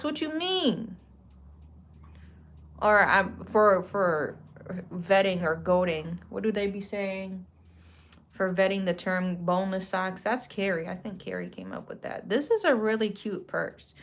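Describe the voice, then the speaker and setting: Woman, craft vlogger, casual and chatty, rambling, self-correcting, middle pitch. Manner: rambling, chatty, corrects herself mid-sentence; relaxed slang-filled talk. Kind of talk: casual chatty product walkthrough.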